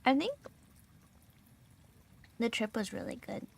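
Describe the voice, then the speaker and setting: A woman's voice: on the high side, sing-song, slow pace, gravelly, breathy edge. A young adult woman VTuber streamer in casual chat, bubbly and giggly with lots of filler words, her throat a little sore and strained.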